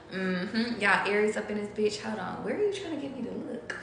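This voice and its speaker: A woman's voice: mid-range voice, animated, fast talker, gravelly, hardly any pauses, a bit bright, faint music behind. A young woman giving a casual tarot reading to her viewers, loose and chatty, swearing freely and breaking into bits of song. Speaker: tarot reader. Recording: echoey room with faint background noise.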